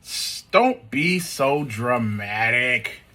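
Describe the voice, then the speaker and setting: A man's voice: mid-range voice, lively intonation, drawn-out words, pushed and bright, heavily acted. A man voicing an exasperated mother who wants to give away her son's toys. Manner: firm, weary.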